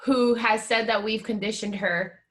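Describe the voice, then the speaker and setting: A woman's voice: fairly high pitch, steady tone, normal speed. A woman co-hosting a wrestling podcast, bubbly and giggly in casual chat. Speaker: podcast co-host.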